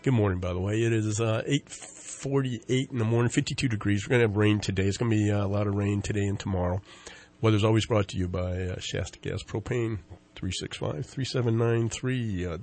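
A man's voice: lowish voice, normal speed, gravelly, darkish tone. A man hosting a local talk radio show, rambling and joking with lots of fillers and restarts. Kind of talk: casual talk radio chat.

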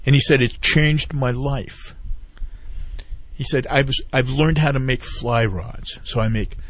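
This man speaks in a mid-range, unhurried voice. A veteran guest on a casual radio interview, he's promoting a fishing group and tells rambling, lengthy stories, frequently quoting other people and doubling back as he talks.

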